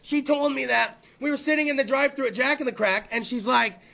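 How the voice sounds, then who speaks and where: A man with a high, gravelly voice hosts a podcast and rambles through a story. He swears freely, repeats himself and often shouts. His tone is bright and forceful. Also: fairly quick. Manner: loud, rambling and profane, with repeated phrases and bursts of shouting. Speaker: podcast host. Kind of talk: casual storytelling chat.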